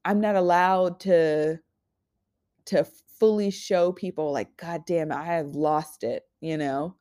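Woman in her 20s with a low-pitched voice for a raw, unscripted personal monologue. Blunt and halting. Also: a little mellow, smooth. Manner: raw, candid, swears freely; halting with frequent restarts. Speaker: podcast host.

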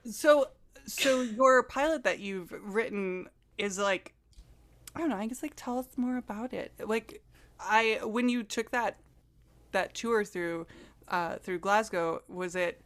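A woman co-hosting a podcast, chatting casually, joking and cutting in quickly. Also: mid-range voice. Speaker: podcast co-host. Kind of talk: casual chat.

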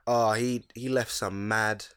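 A man's voice: lowish voice, level tone, slow pace, a bit bright, smooth. A young man, co-hosting a podcast in slangy, laid-back banter. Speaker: podcast co-host. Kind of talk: casual chat.

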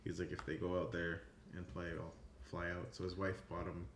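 A podcast host with a very deep voice, speaking in a measured, steady way. He sounds as if he is in an echoey room, with a faint hum behind him. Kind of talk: casual podcast chat.

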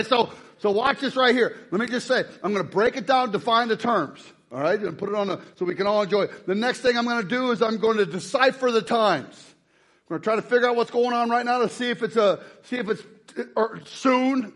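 A man preaching a lively sermon to a congregation, joking and rousing the crowd. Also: high voice. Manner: joking, energetic, shouts to rouse the crowd. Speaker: pastor.

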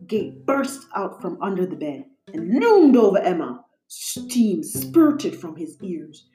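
A woman reads a children's storybook aloud, unhurried and expressive. Her pitch rises and falls in a lively, sing-song way. The room is roomy, with soft music behind.

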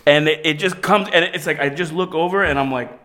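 A man's voice: fairly high pitch, fairly quick, sharp tone. A young man rambling through a crude story on a casual podcast, full of restarts. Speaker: podcast co-host. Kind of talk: casual chat.

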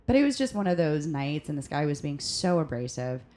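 Low-voiced woman telling animated server stories. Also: fairly quick. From United States. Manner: animated storyteller, acts out quoted people. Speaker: guest, restaurant server. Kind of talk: casual podcast conversation.

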